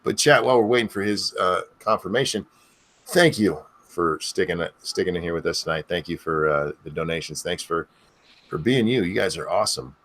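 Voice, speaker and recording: A man's voice: sits low, fairly quick, a bit bright. A man hosting a casual online chat show, loose and rambling, thanking his audience and co-hosts. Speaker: podcast host.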